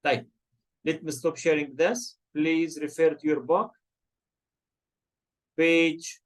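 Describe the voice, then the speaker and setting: A man's voice: fairly high pitch, fairly even intonation, takes it slowly. A man with an Arabic accent teaching an online English class, mixing in Arabic and quizzing his students. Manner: switches between English and Arabic, asks students questions.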